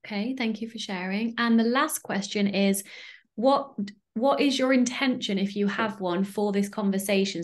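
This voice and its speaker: A woman hosting a podcast and coaching, chatting casually with her guest and laughing often. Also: medium pitch. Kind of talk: casual interview chat.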